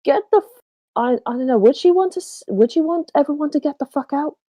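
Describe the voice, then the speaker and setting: A woman's voice: high voice, fast talker, warm tone, dry recording, poor audio. A woman playing a tabletop game in casual chat, hesitant, with many ums and cheerful swearing. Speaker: player.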